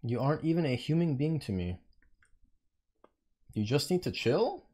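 Young male streamer, profane and indignant, pitch leaping all over the place as he rants. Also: sing-song, moderate pace, long pauses. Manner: profane, indignant ranting, bursts into yelling. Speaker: game streamer. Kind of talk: live stream commentary.

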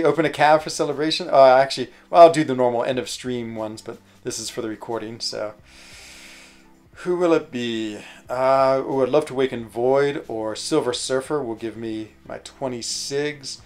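Man, live stream game commentary, excitable, whoops and laughs, medium pitch, faint background music. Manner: excitable, whoops and laughs over lucky pulls.

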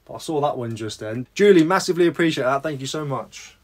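Chatty reseller, rambling and upbeat. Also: male voice, fairly high pitch, lively intonation, fast talker, a little mellow. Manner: chatty, rambling, self-deprecating asides. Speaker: reseller vlogger. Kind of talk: casual vlog chat.

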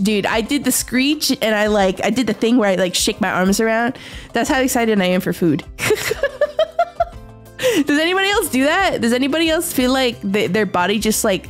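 Excitable young woman, high bouncy voice, giggly, faint music underneath. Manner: excitable, giggly, talks to chat. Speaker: streamer. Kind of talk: casual game-stream chat. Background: faint background music.

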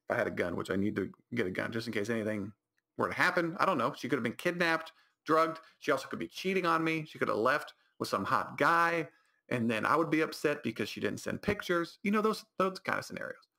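A young man tells a comedic story on his podcast in a rambling, animated way, restarting his sentences. His voice has a gravelly fry and a bright, forceful edge at mid pitch. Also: fast. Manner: rambling, animated, self-correcting. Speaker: podcast host.

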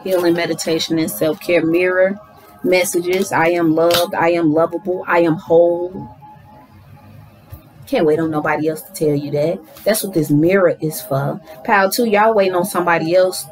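Animated woman doing a spiritual card reading. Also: fairly low pitch, normal speed, faint music behind, low-quality recording. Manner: animated, talks to viewers as y'all, affirming. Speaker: tarot card reader.

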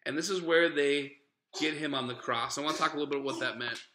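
A man's voice: on the high side, fast, pushed and bright, a little hiss or hum. A man preaching a sermon in an earnest, conversational way, talking straight to his listeners. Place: church sanctuary. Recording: echoey church room.

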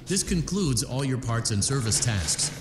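A man voicing a recorded game instructor who gives calm task instructions and announcements. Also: mid-range voice, measured pace, echoey room, loud music behind the voice. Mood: instructing. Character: calm male game instructor voice giving tasks.

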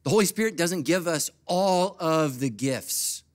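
Animated preaching pastor, man. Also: a little high, unhurried. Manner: animated preaching with big swings from soft to loud; humorous asides to the congregation. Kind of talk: sermon.

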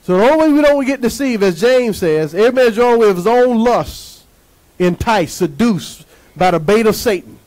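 A man preaching a sermon as pastor, emphatic and lively, asking the congregation to answer back. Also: high voice, normal speed, low-quality recording.

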